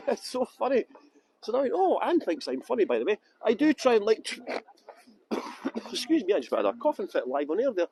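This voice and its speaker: A man's voice: high-pitched, wildly swooping pitch, moderate pace, a little mellow, slight background noise, low-quality recording. A man with a Scottish accent from Edinburgh, guiding a live-streamed walking tour outdoors on city streets and talking in a jokey, self-mocking, chatty way into a handheld phone. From Scotland.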